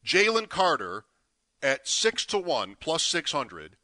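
A man's voice: fairly high pitch, wildly swooping pitch, takes it slowly, sharp tone, no echo. A man co-hosting a sports talk show, chatting casually about a bet and teasing out the payout. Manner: builds suspense, teasing. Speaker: co-host. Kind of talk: sports betting radio chat.

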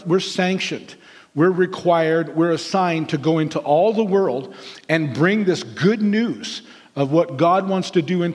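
A man's voice: high-pitched, long reverb tail. A man preaching a sermon as pastor, earnest and repetitive, telling stories to the congregation.

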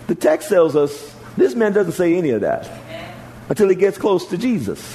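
A man's voice: sits high, very animated, moderate pace, mellow, low-quality recording. A man preaching a sermon as pastor, repeating phrases and swinging his emphasis up and down.

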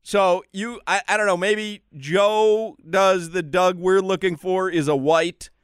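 A man chatting casually and enthusiastically, pitching fun lines to a guest and laughing easily. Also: steady tone, slow, smooth, dry recording, clean studio sound. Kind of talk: casual phone chat.

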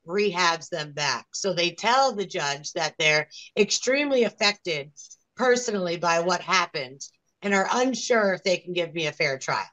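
Earnest low-voiced young woman. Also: fairly bright tone, rough recording. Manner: earnest, aggrieved storytelling. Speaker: interviewee. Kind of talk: casual interview.

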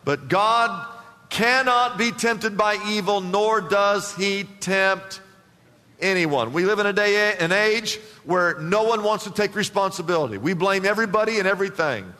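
In a church sanctuary, a male pastor delivers a sermon in a high, expressive, bright and forceful voice at an unhurried pace. He drives points home by repeating phrases and asking the congregation to answer, and the hall adds a long reverb.

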